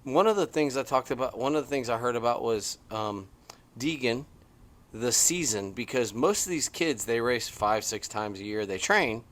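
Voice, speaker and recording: A middle-aged man co-hosting a podcast, chatting casually from a porch outdoors and telling stories with excited, swinging emphasis. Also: normal speed. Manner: animated, excitable storytelling with big swings in pitch. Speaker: podcast co-host. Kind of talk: casual chat.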